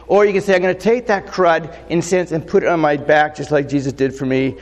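Chatty pastor in an echoing hall. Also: male voice, a little high, fairly even intonation, quick pace, few pauses. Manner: conversational, rambling with fillers and rhetorical questions. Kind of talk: sermon.

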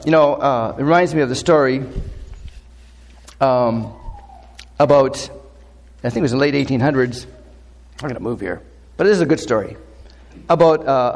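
A man's voice: mid-range voice, in a large hall. A man preaching a sermon in a loose, conversational way, full of fillers and rhetorical questions. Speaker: pastor.

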